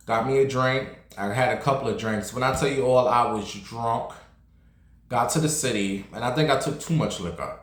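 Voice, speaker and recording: A man tells a long story straight to the camera, sassy and blunt. His pitch sits in the middle, and the room around him is echoey. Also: normal speed, fairly bright tone. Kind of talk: casual storytelling vlog.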